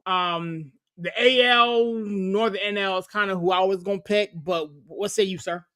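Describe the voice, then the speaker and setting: A man's voice: sits high, steady tone, normal speed, bright, forceful tone, clean tone, dry recording, clean studio sound. A man hosting a sports podcast, upbeat and slangy as he hands the floor to his co-hosts. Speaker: podcast host.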